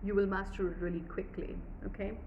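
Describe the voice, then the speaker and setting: A woman's voice: mid-range voice, little pitch movement, brisk, muffled recording, slight background noise. A woman teaching a pronunciation workshop, drawing out example words and asking the listener questions. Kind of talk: workshop lesson.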